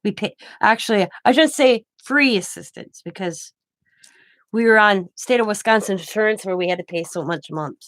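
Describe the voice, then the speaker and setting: A woman's voice: medium pitch, normal speed, a bit bright, dry recording. An older woman hosting a craft channel, telling rambling personal anecdotes in casual chat and laughing often.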